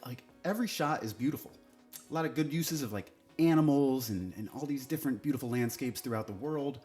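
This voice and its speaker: A man's voice: medium pitch, brisk, darkish tone, soft background music. A man giving a casual, sarcastic and exasperated TV review, swearing now and then.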